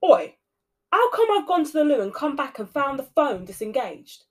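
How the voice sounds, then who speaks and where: A woman voicing a gruff, dismissive male night porter who speaks with a Cockney accent and growls his words. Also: sits high, moderate pace. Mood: irritated. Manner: growling, curt.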